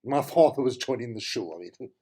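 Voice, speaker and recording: A man's voice: mid-range voice, lively intonation, a little fast, mellow, slightly rough. A middle-aged man with a South African accent, telling rambling, tangential stories as a podcast host. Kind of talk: casual monologue.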